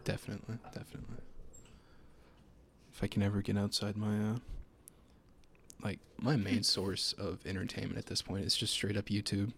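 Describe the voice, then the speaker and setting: Laid-back young man with a gravelly voice. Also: fairly low pitch, little pitch movement, moderate pace, long pauses, fairly bright tone, slight background noise. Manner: laid-back, hesitant, trailing off. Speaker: podcast co-host. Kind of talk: casual chat.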